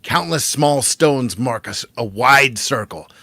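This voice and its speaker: Animated man reading a gamebook aloud. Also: medium pitch, unhurried, dry recording. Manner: animated reader, laughs easily. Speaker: podcast co-host reading a gamebook. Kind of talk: reading aloud, casual podcast chat.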